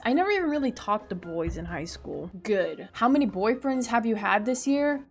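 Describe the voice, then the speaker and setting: Sarcastic young woman vlogger, bright high voice. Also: sing-song, moderate pace, soft background music. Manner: sarcastic, blunt, reads quiz questions aloud and mocks them. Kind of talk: casual vlog commentary.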